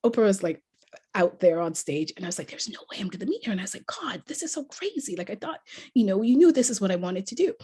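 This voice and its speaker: A woman author and motivational speaker telling a story as a podcast guest, animated and laughing often. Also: medium pitch, slightly rough.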